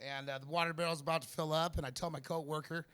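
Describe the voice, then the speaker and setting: Nervous amateur comic, rambling. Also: male voice, fairly high pitch, steady tone, fairly bright tone, clean tone. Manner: rambling, halting delivery with many fillers and restarts. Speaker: amateur stand-up comedian. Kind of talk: stand-up comedy set. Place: small comedy venue in a vape shop.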